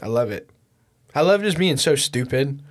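A man's voice: medium pitch, moderate pace. A young man hosting a casual home podcast, swearing constantly and laughing often as he tells stories. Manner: profane, laughing a lot, animated storytelling. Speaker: podcast host. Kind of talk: casual chat. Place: home podcast setup with a mixer.

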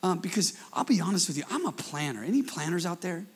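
A man preaching a sermon as pastor, leading call-and-response with the congregation and swinging between quiet asides and shouted passages. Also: a little high, animated, fast talker, vocal fry, few pauses, breathy edge.

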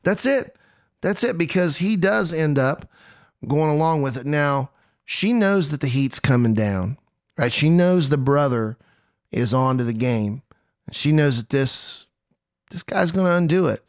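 A man's voice: fairly high pitch, lively intonation, measured pace, smooth, no echo, clean studio sound. A man in his thirties hosting a podcast, telling a true-crime story in casual, jokey chat and acting out quotes in goofy voices. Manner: self-deprecating, jokey. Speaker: podcast host.

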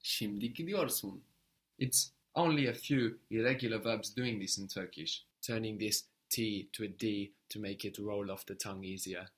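A man's voice: lowish voice, normal speed, fairly bright tone. A man teaching a spoken language lesson, patiently explaining step by step and prompting his learner.

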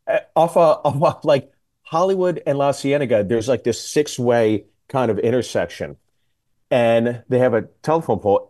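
A middle-aged man spinning comic stories on a talk radio show. His voice sits at an ordinary pitch but has a mellow, dark tone, and he jumps into quoted voices with animated energy. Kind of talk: casual storytelling chat.

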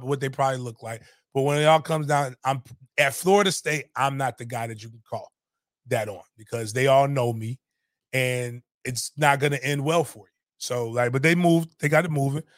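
Man in his middle years, podcast storyteller, profane and animated, a bit high-pitched, dry close mic. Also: no echo. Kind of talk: casual storytelling.

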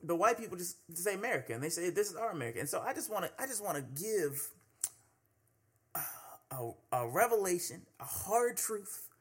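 A man's voice: high voice, sing-song, moderate pace, a bit bright, breathy edge. A man hosting a solo commentary podcast, talking conversationally with many fillers and restarts. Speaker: podcast host.

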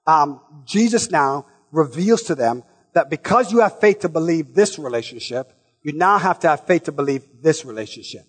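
A male preacher with a high, husky voice delivers a passionate sermon, swinging from shouted lines to soft asides and calling out to his listeners. His voice rings with a long reverb from a large church hall.

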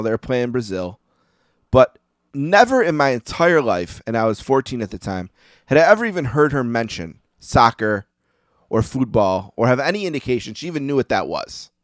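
Guy in his 40s on a podcast, smooth voice, dry sound, telling a story. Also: mid-range voice, no room sound. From United States. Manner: storytelling, reflective. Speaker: podcast co-host. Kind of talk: casual podcast chat.

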